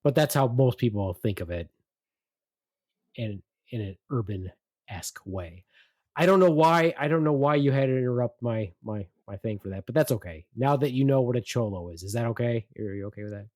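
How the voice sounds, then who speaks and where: A man's voice: mid-range voice, lively intonation, moderate pace, darkish tone, dry recording, clean studio sound. A man co-hosting a casual podcast chat, blunt and teasing in how he talks. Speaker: podcast co-host.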